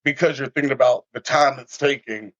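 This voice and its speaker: A man in a casual podcast conversation, telling stories in an animated way and acting out everyday scenes. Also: mid-range voice, a little fast, no echo. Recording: dull lo-fi dry sound.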